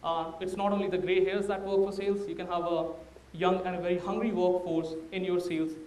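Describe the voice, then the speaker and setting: Indian guy giving a startup talk, fairly high voice, sounds far off in a big echoey room. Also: flat delivery, brisk, a little mellow. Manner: candid, anecdotal, advising. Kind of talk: conference talk to an audience. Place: large room before a live audience.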